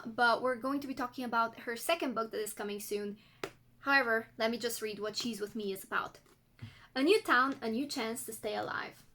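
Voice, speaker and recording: Bubbly woman book vlogger with a non-american accent, high voice, chatty, reads blurbs out loud. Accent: non-American English accent. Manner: chatty and enthusiastic. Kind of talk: casual chat and reading book blurbs aloud.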